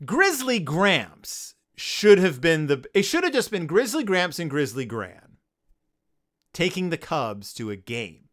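A man's voice: on the high side, sharp tone. A man hosting a comedic podcast, reviewing a children's book with sarcasm and goofy character voices. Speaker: podcast host.

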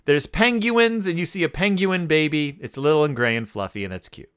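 A man's voice: fairly high pitch, fairly quick, a bit bright, clear, resonant tone. A man hosting a podcast and giving a comedic, sarcastic review of a picture book, with wry rambling asides. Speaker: podcast host.

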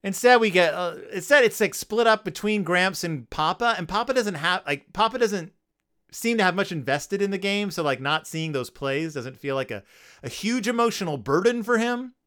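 A man's voice: high voice, expressive, moderate pace, fairly bright tone, clean tone. A man hosting a comedic podcast, reviewing a children's book with sarcasm and goofy character voices. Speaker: podcast host.

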